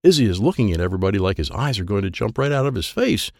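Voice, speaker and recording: A man's voice: fairly low pitch, big pitch swings, rapid-fire, creaky, no echo, clean studio sound. A man narrating a children's storybook in the first person, in a simple, childlike way. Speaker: audiobook narrator.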